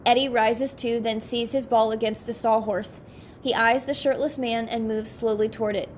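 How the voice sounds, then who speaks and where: A woman narrating an audiobook in a steady, clear storytelling voice. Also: fairly high pitch, moderate pace, a little hiss or hum. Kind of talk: audiobook reading.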